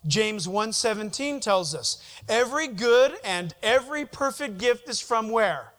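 A man preaching a sermon to a congregation, animated, often putting questions to the listeners and answering them himself. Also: high voice, unhurried, hardly any pauses. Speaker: pastor.

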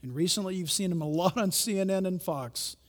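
A man preaching a sermon, telling stories with animated swings from loud bursts to hushed tones. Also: sits high, brisk, big-room sound. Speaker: pastor.

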